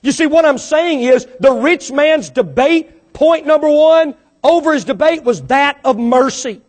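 A man's voice: extremely high pitch, unhurried, few pauses. A man preaching a sermon as pastor, full of rhetorical questions, often repeating and restarting words, rising to fervent peaks.

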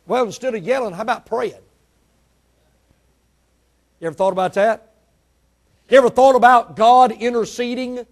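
A man preaching a sermon, emphatic, quizzing the congregation and swinging between soft asides and loud peaks. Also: very high voice.

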